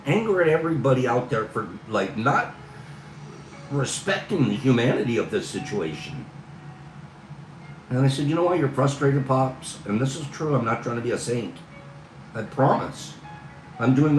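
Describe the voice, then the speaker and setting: A man's voice: medium pitch, echoey room, recorded from a distance, a little hiss or hum, rough recording. A man hosting a livestream, talking in a casual, earnest, rambling way. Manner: earnest, rambling, talks through frustration. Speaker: livestream host.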